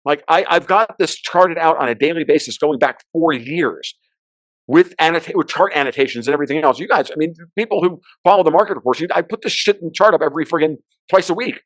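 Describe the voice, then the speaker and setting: A man with a high-pitched voice rants through political and market commentary as a podcast guest. He talks fast and swears freely, breaking into sudden loud outbursts. The sound is dry and close. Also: no echo. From United States.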